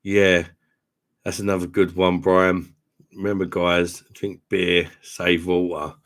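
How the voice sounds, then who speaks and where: Deep-voiced tipsy man. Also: level tone, slow, a bit bright. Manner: rambling, matey, swears casually. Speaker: beer reviewer hosting a live stream. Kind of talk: casual live-stream chat. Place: home room with sound panels.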